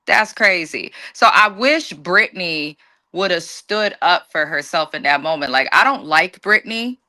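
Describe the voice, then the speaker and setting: A woman's voice: on the low side, lively intonation, a little slow, sharp tone. A woman co-hosting a reality-TV recap, giving her opinions in a blunt, profane rant. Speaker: co-host. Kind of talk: casual recap commentary.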